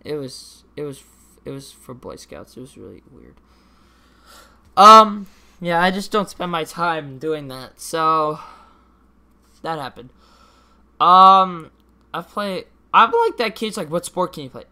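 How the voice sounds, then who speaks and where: A teenage boy talking through his own podcast in a loose, rambling way, stopping and restarting his sentences and swearing offhandedly. His voice has a bright, sharp edge. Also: on the high side, lively intonation, slow pace, pauses often, clear, resonant tone. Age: teens. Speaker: podcast host. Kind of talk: casual solo podcast chat.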